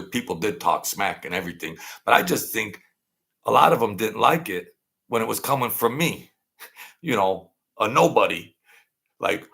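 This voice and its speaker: A man telling street stories in a rambling, halting way, often stammering and acting out other people's voices. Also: fairly low pitch, vocal fry, pushed and bright. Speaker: channel host telling mob stories. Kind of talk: casual storytelling monologue.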